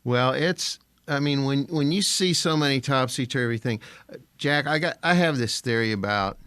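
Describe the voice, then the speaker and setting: An older man, a voice actor, co-hosting a podcast in slow, deliberate, wry casual chat. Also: mid-range voice, a bit bright, clear, resonant tone, no echo.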